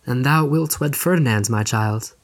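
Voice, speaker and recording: A man's voice: mid-range voice, moderate pace, close to an everyday voice. Frail, agitated old father, male reader - urgent, archaic, fatherly. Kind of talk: audiobook reading.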